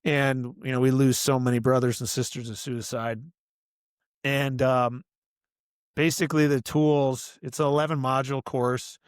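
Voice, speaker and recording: A man's voice: medium pitch, flat delivery, moderate pace, clean tone, no room sound, studio quality. A middle-aged man talking as a podcast guest, earnest and rambling, with lots of "you know" and "like" as he explains his work as an author and coach. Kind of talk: casual interview conversation.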